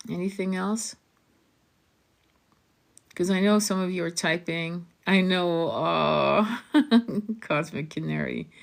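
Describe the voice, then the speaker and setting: Low-pitched woman hosting an oracle stream, coaxing viewers to open up. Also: vocal fry, slight background noise. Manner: encouraging, coaxing viewers to share. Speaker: tarot and oracle reader hosting a live stream. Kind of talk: live-streamed spiritual session.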